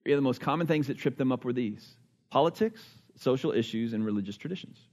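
A man's voice: medium pitch, animated, quick pace, a little mellow. A man preaching a sermon in a conversational way, often repeating words and chuckling. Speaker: pastor.

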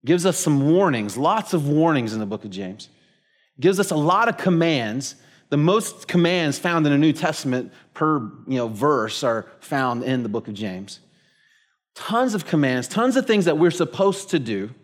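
A man preaching a sermon in a relaxed, storytelling way. His pitch swings widely and sits a touch high. He sprinkles his talk with fillers as he builds toward his point. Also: normal speed. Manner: casual storytelling with many fillers. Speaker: pastor.

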